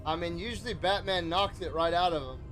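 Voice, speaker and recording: A man's voice: high-pitched, fairly quick, a bit bright. A young man streaming a video game, rambling casually in profane commentary full of "like" and "dude". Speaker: gaming streamer. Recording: game music playing behind.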